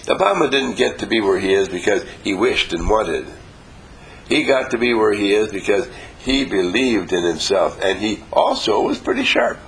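A man leading a motivational seminar before a live audience, acting out little dialogues and coaxing the room to answer louder. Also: fairly low pitch, moderate pace, low-quality recording. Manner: animated, acts out little dialogues. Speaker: seminar leader.

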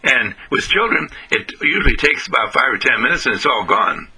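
A man giving an inspirational spiritual talk on the radio, with an animated, sing-song, emphatic delivery. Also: medium pitch, brisk, slightly rough, low-quality recording. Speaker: spiritual speaker.

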